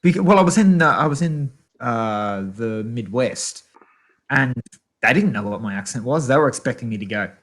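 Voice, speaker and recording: A man's voice: medium pitch, normal speed, fairly bright tone. A man from Australia with a mild, rounded Australian accent, co-hosting a casual chat show in an easygoing way. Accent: Australian, mildly rounded. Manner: easygoing, apologetic, laughs often. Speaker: co-host.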